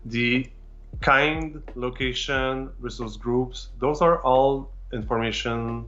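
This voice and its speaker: A man's voice: mid-range voice, fairly even intonation, slow pace, fairly bright tone, dull audio. A man whose first language is French, presenting a live technical demo with many fillers and restarts.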